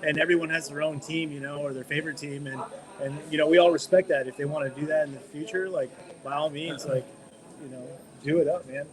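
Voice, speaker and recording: A man's voice: on the high side, steady tone, quick pace, crowd noise, rough recording. A male podcast guest chatting casually and throwing in jokes. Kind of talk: casual chat.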